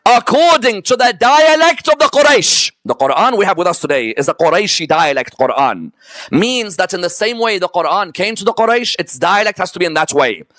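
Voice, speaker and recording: His voice is high and fairly bright, swinging widely in pitch, with no echo around it. Lecturing a live audience on religious history, the man poses rhetorical questions, checks in with "yes?" and "correct or no?", and enumerates items one by one, slowly and with emphasis.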